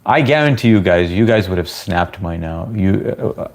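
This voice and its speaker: A man's voice: deep voice, lively intonation, moderate pace. A man from the US chatting casually with viewers on a livestream, laid-back and talkative. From United States. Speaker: live streamer answering chat.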